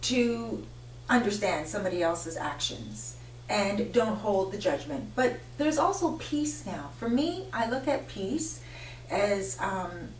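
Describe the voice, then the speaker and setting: A woman life coach giving an informal spiritual talk to a live audience, telling stories animatedly and often correcting herself. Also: medium pitch. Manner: animated storyteller, frequent self-corrections. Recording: echoey room, voice from far off, faint hum.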